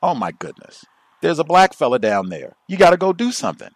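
A man's voice: a little high, very animated, fairly quick, no echo, pitched above the performer's own voice. A man putting on the voice of an exasperated middle-aged male police officer who speaks emphatically and insistently.

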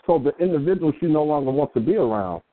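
Guy co-hosting a radio talk show, slow and deliberate, makes his point hard, phone-line sound. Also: a little high, lively intonation. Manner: deliberate, measured and emphatic, with restarts.

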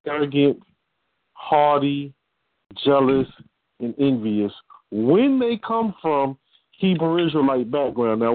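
A middle-aged man co-hosting a talk show, speaking in an emphatic, lecturing way. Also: medium pitch. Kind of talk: casual talk show discussion. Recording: tinny phone-like line, dry.

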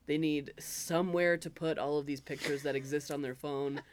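A woman's voice: low-pitched, fairly even intonation, moderate pace, slight background noise. A woman co-hosting a casual podcast over beers, giggly and sweary, rambling as she talks. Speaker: podcast co-host.

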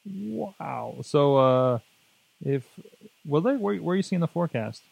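A man with a slightly higher voice co-hosts a tech podcast in relaxed, rambling chat. He talks loosely with plenty of "uh"s and jokes. The recording is dry and close. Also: a little slow, gravelly, no room sound. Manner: rambling, jokey, many fillers. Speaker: podcast co-host.

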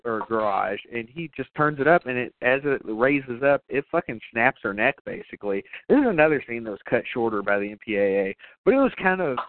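A medium-pitched man co-hosts a podcast, recapping a horror movie in casual, profane, rambling chat full of fillers and frequent laughs. The sound is tinny, phone-like, and dry.

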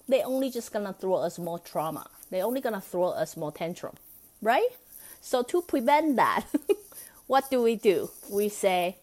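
Woman doing a solo self-help podcast, kinda low voice, chatty, laughs a lot and keeps asking right?. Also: lively intonation, moderate pace, darkish tone. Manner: chatty and coaxing, often asks "right?"; laughs between thoughts. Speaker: podcast host.

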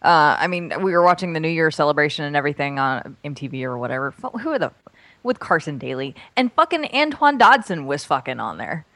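A woman's voice: low voice, big pitch swings, brisk, fairly bright tone, no room sound. A woman co-hosting a podcast, chatting casually, teasing and laughing often. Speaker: podcast co-host. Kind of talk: casual chat. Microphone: studio mic.

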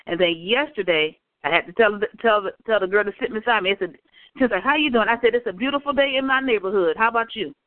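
A woman co-hosting a casual chat, telling animated workplace stories and acting out what people said. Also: medium pitch, fast, dry recording. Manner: animated storyteller, acts out quotes. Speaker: podcast co-host. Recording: tinny phone-line audio.

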